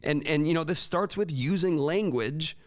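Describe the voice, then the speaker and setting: A man's voice: a little high, moderate pace. A man, a teacher, talking earnestly to fellow teachers and acting out quoted dialogue in a raised voice. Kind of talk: talk to teachers with classroom stories.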